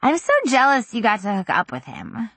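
A woman's voice: on the high side, big pitch swings, moderate pace, a bit bright, husky, no room sound, voice pushed up, heavily acted. A woman voicing an envious young party girl who gushes. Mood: gushing.

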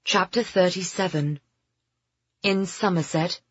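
Brief: steady audiobook narrator, husky, dry, lo-fi sound. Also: mid-range voice, unhurried, no room sound. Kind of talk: scripted narration. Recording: dull lo-fi audiobook recording.

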